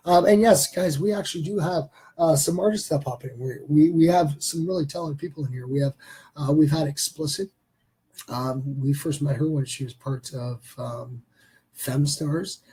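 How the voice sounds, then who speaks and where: A man's voice: on the high side, normal speed, dark tone, husky. A man hosting a live stream, chatting casually and rambling with lots of fillers. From Canada.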